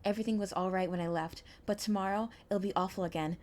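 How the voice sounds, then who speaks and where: A young woman streamer reading a visual novel aloud, with expressive, anxious narration and small stumbles. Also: mid-range voice, fast talker.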